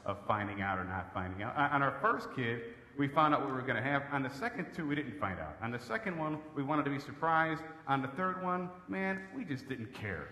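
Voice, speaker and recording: A man's voice: medium pitch, sing-song, fairly quick, bright, forceful tone. A man doing a sarcastic, exasperated stand-up comedy routine on stage. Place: live comedy stage in an echoey hall. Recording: echoey hall with background noise.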